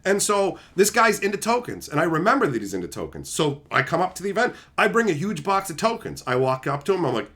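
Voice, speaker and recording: Animated, foul-mouthed man telling stories. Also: on the high side, fast, few pauses. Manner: profane, animated, acts out both sides of anecdotes. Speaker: streamer host. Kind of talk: casual storytelling chat.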